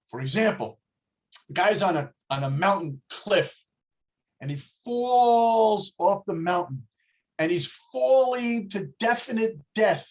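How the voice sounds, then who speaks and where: Slow-spoken rabbi giving a class. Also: male voice, a little high. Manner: slow, storytelling, rhetorical questions. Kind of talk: religious lecture with jokes. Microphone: video call.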